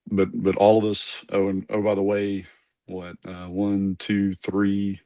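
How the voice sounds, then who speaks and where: A man's voice: low-pitched, monotone, measured pace, dark tone, dry recording. A man, a former Army commander, telling his story in a casual interview, rambling with asides and restarts.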